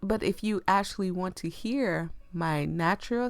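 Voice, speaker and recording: Deep-voiced young woman with a lisp. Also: moderate pace, hardly any pauses, no room sound. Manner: chatty, laughs often, ranting. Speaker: game streamer. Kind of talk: casual let's play commentary.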